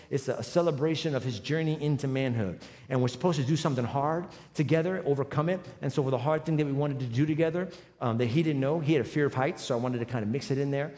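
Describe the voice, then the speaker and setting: A man in his forties preaching a sermon, telling a humorous personal story and building to loud, emphatic runs. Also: mid-range voice, fast talker. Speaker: pastor. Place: large church hall with live audience. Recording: long hall reverb.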